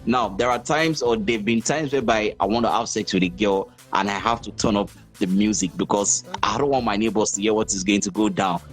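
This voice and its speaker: A man's voice: lowish voice, fairly quick, hardly any pauses, faint music behind. Man hosting, rambling and thoughtful. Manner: rambling and thoughtful, with many "you know" fillers. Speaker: podcast host. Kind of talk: casual podcast chat.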